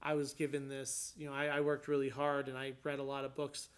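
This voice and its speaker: A man's voice: mid-range voice, monotone, a little fast, clear, resonant tone. A man talking casually in a conversation, explaining his views with frequent restarts and rising emphasis. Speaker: guest describing his court hearing.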